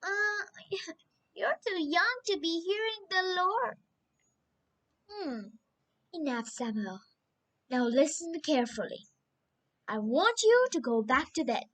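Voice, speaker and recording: A woman voicing a sleepy old male priest in a storybook reading, tired and a little gruff. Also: very high voice, big pitch swings, takes it slowly, pauses often, fairly bright tone, heavily acted.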